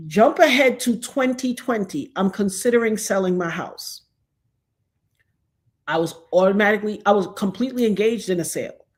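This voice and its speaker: A middle-aged woman telling a personal story in a casual, animated way, acting out the other people's lines as she goes. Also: medium pitch. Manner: animated, acts out quoted dialogue.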